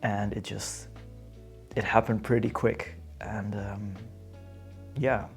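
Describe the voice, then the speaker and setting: A young man with a Dutch accent, chatting to camera in English in a hesitant, halting way and searching for words. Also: lowish voice, level tone, faint music behind. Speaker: vlogger. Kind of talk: casual chat to camera.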